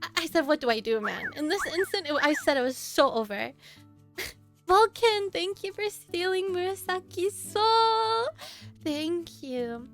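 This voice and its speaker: A woman streamer telling a story casually to her chat, animated and laughing often. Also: extremely high pitch, unhurried, faint music behind.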